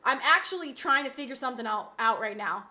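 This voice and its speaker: A woman live streamer chatting casually, exasperated and rambling, often bursting into loud yelling. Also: high voice, lively intonation, fairly quick.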